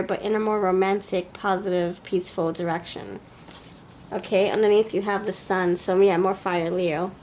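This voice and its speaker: A woman's voice: medium pitch, a little mellow, a little hiss or hum. A woman with a New York accent giving a pick-a-card tarot reading, chatty and thinking aloud as she goes. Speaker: tarot reader.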